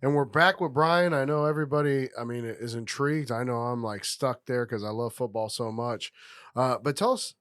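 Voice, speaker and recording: A man's voice: mid-range voice, fairly even intonation, normal speed, clean tone, soft background music. A man hosting a podcast, asking long, eager, rambling questions in a casual way. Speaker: podcast host.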